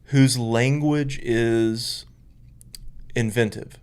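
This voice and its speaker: A man's voice: mid-range voice, fairly even intonation, drawn-out words, a little mellow, clear, resonant tone. A man, a minister co-hosting a podcast, telling stories emphatically in casual chat. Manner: storytelling, emphatic, acts out quoted voices.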